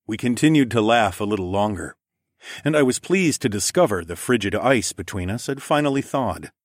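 A man reads a first-person story aloud in a steady, measured way, his voice sitting fairly low. The recording is dry and close, with no room sound. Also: dry recording. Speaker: audiobook narrator. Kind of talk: scripted first-person narration.

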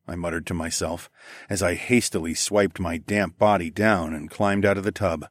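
A man narrating a first-person erotic audiobook in a low, intimate, unhurried way. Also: steady tone, dry recording, clean studio sound.

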